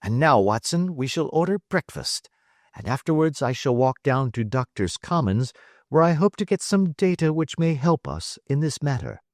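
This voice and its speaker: A man's voice: on the high side, very animated, normal speed, dry recording, studio quality, voice pushed up. A man doing a cool, ironic detective. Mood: brisk. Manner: bland, quietly ironic. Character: calm, witty male detective, cool and imperturbable.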